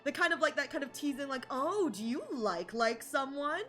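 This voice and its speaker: Bright, high-voiced young woman streamer. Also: normal speed. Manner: animated, rambling, many fillers and restarts; excited shouted greetings to chat. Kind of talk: casual live-stream chat.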